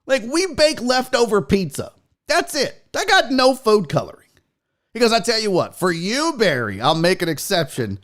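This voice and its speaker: A man's voice: high-pitched, big pitch swings, normal speed, fairly bright tone. A man hosting a sports talk show, joking loosely and swearing in casual banter.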